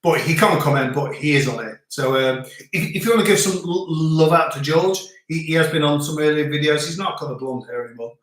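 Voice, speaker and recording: Northern english bloke rambling on a live stream, lots of repeats, really echoey room. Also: male voice, a little high, a little fast, few pauses, fairly bright tone. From England. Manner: chatty, rambling, repeats words. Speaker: host. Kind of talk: casual live-stream chat. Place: family home in rural France.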